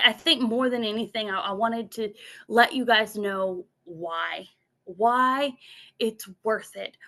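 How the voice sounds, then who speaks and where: A woman's voice: fairly high pitch, a bit bright. A woman giving a motivational talk from her notes, earnest, repeating words as she goes and acting out her own inner voice.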